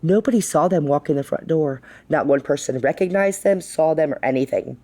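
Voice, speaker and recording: Low-voiced woman telling a lively story. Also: a little fast. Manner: animated, acts out quotes, says "like" a lot. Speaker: bar co-owner, guest. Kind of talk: casual storytelling. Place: podcast studio.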